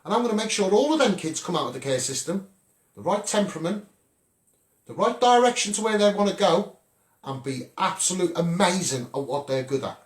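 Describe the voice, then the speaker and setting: Man, Scouse accent, high voice, punchy campaign rant, echoey room. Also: expressive, fairly quick. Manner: punchy, repeats "right?" for emphasis. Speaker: children's rights campaigner. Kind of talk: impassioned campaign monologue.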